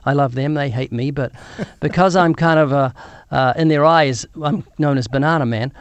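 A man's voice: on the high side, moderate pace, clean tone, dry recording. A middle-aged man, a guest telling jokey, self-deprecating stories in a casual interview and laughing often. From Southern Hemisphere. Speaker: guest evangelist and author.

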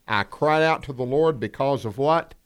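A man's voice: mid-range voice, normal speed, clean tone. Man, folksy Bible teacher, co-host, asks questions, passionate.

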